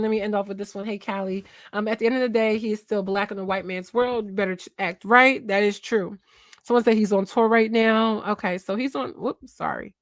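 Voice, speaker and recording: A woman's voice: medium pitch, fairly bright tone, no room sound. A woman in her twenties from Philadelphia, hosting a casual gossip livestream and chatting with her viewers while she looks things up. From Philadelphia, USA. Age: 20s. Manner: chatty, talks to chat, trails off and searches aloud. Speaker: livestream host.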